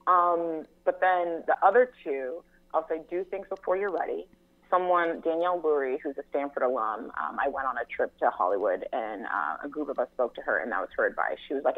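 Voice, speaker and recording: A woman's voice: deep voice, brisk. Young woman telling stories over a phone line. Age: young adult. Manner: animated storyteller, acts out quotes, laughs often. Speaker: guest, TV writer and producer. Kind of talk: casual anecdotal interview.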